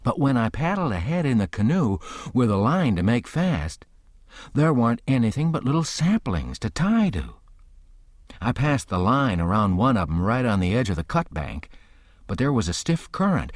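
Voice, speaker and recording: A man's voice: mid-range voice, very animated, normal speed, no room sound, studio quality. A man narrating a classic novel as an audiobook, telling it plainly in a boyish, folksy first-person voice.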